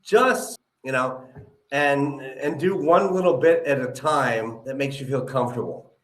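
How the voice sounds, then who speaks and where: A man's voice: medium pitch, unhurried, a bit bright. A male show host with a slight lisp, giving encouraging advice in a live interview and often adding "you know" and "right?". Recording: echoey room.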